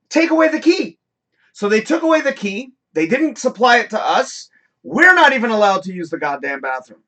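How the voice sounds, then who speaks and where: Animated, profane man ranting. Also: sits high. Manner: profane, animated storytelling with shouted outbursts. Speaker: podcast host; building concierge telling a work story. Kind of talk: casual rant on a live show.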